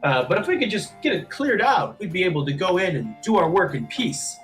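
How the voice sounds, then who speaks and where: A genteel woman patron offering adventurers work in a tabletop game, as a man game master voices her. She talks in proper, formal phrases and lifts her voice a touch higher than a man's usual pitch. Her delivery swings lively up and down, with faint music playing behind. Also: brisk. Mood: courteous. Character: prim, well-funded woman quest-giver.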